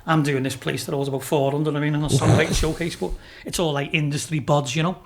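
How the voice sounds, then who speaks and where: A man talks in a loose, storytelling way on a podcast. His voice sits high for a man, and he swears freely and laughs through his anecdotes. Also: fairly even intonation, quick pace, background noise. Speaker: racehorse owner and businessman, podcast guest. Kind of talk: casual storytelling interview.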